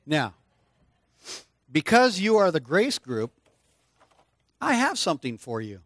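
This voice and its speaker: This is a dry, clean studio recording of an older man with a highish voice who preaches slowly to children in a church service. He's lively and coaxing, addressing them directly and drawing them into answering aloud.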